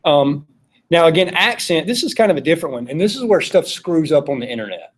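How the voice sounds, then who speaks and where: A man with a voice on the high side, animated and fast, teaches a philosophy class. His classroom lecture is casual and conversational, and he keeps putting questions to the students.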